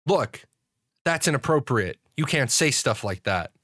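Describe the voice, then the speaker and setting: A man's voice: medium pitch, animated, unhurried, fairly bright tone, dry recording, studio quality. Indignant scolding mother, as a man puts her on. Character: fussy scolding mother, woman.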